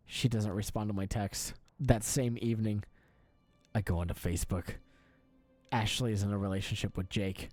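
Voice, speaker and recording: A man reading an online story aloud in a deadpan way, sometimes breaking into laughter. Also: lowish voice, moderate pace, dry recording. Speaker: story reader.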